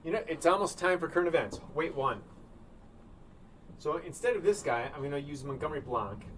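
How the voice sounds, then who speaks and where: A man chatting casually while he paints live. He rambles offhand and thinks out loud in a room indoors. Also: fairly high pitch, lively intonation, a little fast, slight background noise. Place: indoor studio room with a sunny window.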